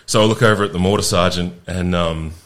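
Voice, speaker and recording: A man with a very low, deep voice, chatting casually as a podcast guest. He tells grim stories in a relaxed, profane way and laughs easily through them. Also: fairly quick. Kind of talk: casual storytelling chat.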